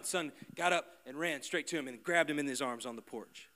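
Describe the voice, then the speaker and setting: A man preaching a sermon to a congregation. He moves from quiet, close asides to loud, emphatic repeated lines. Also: a little high, a little fast, few pauses. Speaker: pastor. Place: church service before a congregation.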